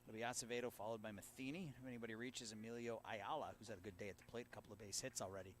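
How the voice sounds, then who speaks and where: A man doing live play-by-play of a high school baseball game from an outdoor field, steady and rising sharply on big plays. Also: rapid-fire, slight background noise. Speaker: play-by-play announcer.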